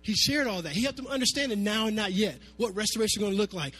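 A man preaching a sermon to his congregation, animated, sometimes half-singing his phrases. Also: high-pitched, quick pace, few pauses, breathy edge. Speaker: pastor.

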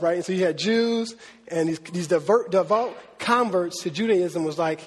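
A man preaching a sermon in an animated, conversational way, laughing and acting out quotes. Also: sits high, moderate pace, husky, in a large hall. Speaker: pastor.

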